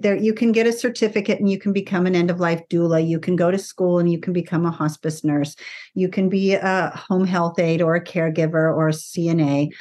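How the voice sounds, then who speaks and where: A woman who works as a hospice nurse and doula, calmly giving advice in an interview. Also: on the low side.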